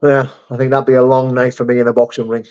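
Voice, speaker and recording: A man's voice: mid-range voice, flat delivery, fast, a little mellow, muffled recording. A man hosting a casual live stream, reading out chat messages in a blunt, laddish way with swearing and laughter.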